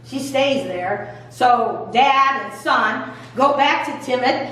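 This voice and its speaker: A woman's voice: sits high, slow pace, fairly bright tone. A woman pastor telling a Bible story to children in a playful, folksy way in a church. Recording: echoey church room from far off.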